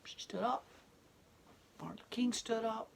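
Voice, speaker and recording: A woman's voice: on the high side, moderate pace, gravelly, a little hiss or hum. A woman who owns a gallery speaks bluntly and defiantly in an impassioned interview monologue. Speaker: gallery owner and protester.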